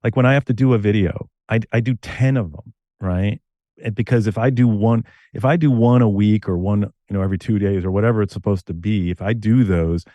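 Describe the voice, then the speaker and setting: Deep dark-voiced man telling stories. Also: no room sound. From Connecticut. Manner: animated storytelling, quick bursts. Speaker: guest, screenwriter and novelist. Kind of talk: casual interview conversation.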